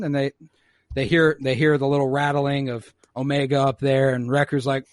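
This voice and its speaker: A man hosting a podcast talks through an episode in an easy, laid-back way. He swears freely and acts out what the characters say. His voice sits in a middle pitch and sounds dry and close. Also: fairly even intonation, normal speed, no echo. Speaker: podcast host. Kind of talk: casual recap chat.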